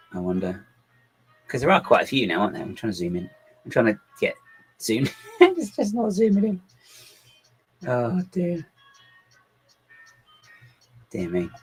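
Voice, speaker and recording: A man's voice: lowish voice, creaky, husky, poor audio. A man chatting casually on a livestream as he builds LEGO, reading out viewers' comments and muttering his thoughts to himself. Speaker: LEGO builder streaming live.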